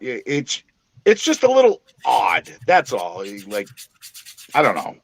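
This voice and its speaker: A man's voice: mid-range voice, measured pace, gravelly, no echo. A man with a New England accent hosting a casual livestream chat, swearing freely and joking with his co-hosts. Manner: profane, joking, animated.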